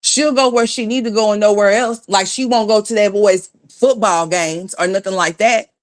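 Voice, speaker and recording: A woman's voice: mid-range voice, fairly even intonation, moderate pace. Woman, livestream host, gossip commentary rant, blunt, profane, scornful, greets viewers. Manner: greets chat viewers by name mid-rant.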